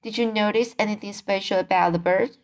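A woman reading as a calm town judge. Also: medium pitch, close to an everyday voice. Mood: measured. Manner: measured, authoritative. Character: tall male town judge, calm and authoritative.

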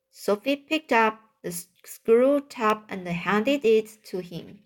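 A woman reads a children's book aloud at an unhurried, slow pace. She halts here and there and restarts a word before going on. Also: fairly high pitch, animated. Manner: halting, with small restarts. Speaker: reader.

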